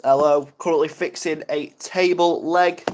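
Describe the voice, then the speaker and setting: A man's voice: fairly high pitch, steady tone, normal speed, darkish tone, a little hiss or hum. A young man from the UK chatting casually on a live stream, flustered and rambling, mocking himself as he goes. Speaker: ASMR livestreamer.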